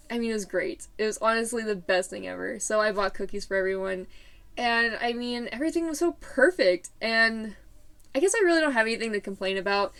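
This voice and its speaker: A woman's voice: mid-range voice, fairly bright tone, clear, resonant tone. A teenage girl telling a story in a casual vlog, bubbly and rambling with lots of fillers. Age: late teens.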